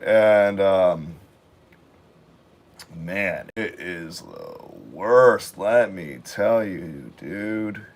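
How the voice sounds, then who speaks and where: A man under the weather, his voice raspy and pitched a little low. He talks in a loose, halting ramble full of ums and restarts, chatting casually as he gets ready to draw. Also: animated. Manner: rambling, halting, with many fillers. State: sick, raspy voice. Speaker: art vlogger. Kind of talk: casual chat while drawing.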